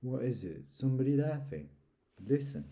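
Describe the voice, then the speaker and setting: A man voicing an eager, kind young boy in a storybook reading, calling out high and excited. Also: normal speed.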